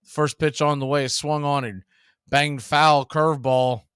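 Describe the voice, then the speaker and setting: A man calling live baseball play-by-play, steady and measured as he calls each pitch and count, with an occasional dry quip. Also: clear, resonant tone, no room sound. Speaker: play-by-play announcer.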